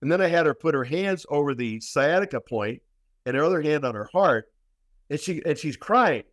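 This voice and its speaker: A man's voice: a little high, expressive, moderate pace, fairly bright tone, no echo, studio quality. A man, a guest practitioner, telling a long story in a podcast interview, emphatic and repetitive with many restarts.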